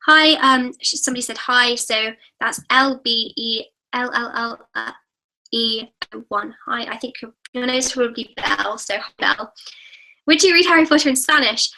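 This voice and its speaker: A teenage girl, hosting a live-stream Q&A where she reads viewer comments aloud. Her voice sits high and bright. She talks in a chatty, bubbly way and apologizes often. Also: moderate pace, low-quality recording. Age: teens. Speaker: YouTube host.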